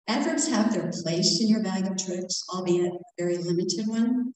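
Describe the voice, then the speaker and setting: A woman giving a prepared talk at a writing conference, reading her points aloud and slowing down to spell out examples. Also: mid-range voice, a little mellow. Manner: slow and deliberate when spelling out examples. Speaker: conference speaker on self-editing. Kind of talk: prepared lecture read aloud. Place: conference room. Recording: echoey hall from far off.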